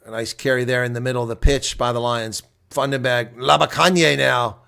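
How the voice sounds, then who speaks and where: Live rugby commentary comes from a middle-aged man who erupts into loud, thrilled shouts at key plays and chats easily with viewers when things calm down. He speaks at medium pitch, fairly quickly, in a smooth voice with some vocal fry.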